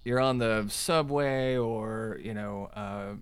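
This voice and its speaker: A middle-aged man co-hosting a podcast, wry and self-deprecating, talking haltingly with many fillers. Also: fairly low pitch, clean tone, dry recording. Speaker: podcast co-host. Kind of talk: casual chat. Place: Chicago.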